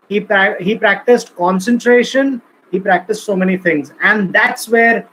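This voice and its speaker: A man's voice: high-pitched, a little hiss or hum. A man giving a motivational talk on communication skills to an audience in a lecture hall. He is emphatic, acts out example lines and asks the room questions. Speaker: speaker.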